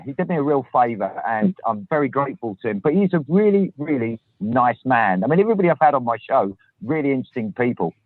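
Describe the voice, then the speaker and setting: A man's voice: medium pitch, dry recording. A man from southern England, a podcast host, talking casually and self-deprecatingly from a parked car. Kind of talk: casual chat. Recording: tinny dry phone line.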